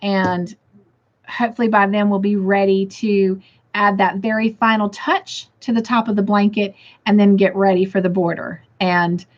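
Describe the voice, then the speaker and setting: Woman livestream host, tired and in pain, reads out comments; dull lo-fi sound. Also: medium pitch. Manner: chatty, reads viewer comments aloud. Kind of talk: casual livestream chat. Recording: dull lo-fi stream audio.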